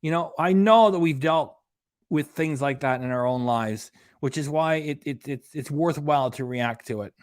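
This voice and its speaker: A man's voice: fairly high pitch, moderate pace, no room sound, studio quality. Ranting, profane male commentator. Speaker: reaction channel host. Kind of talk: angry commentary on a livestream.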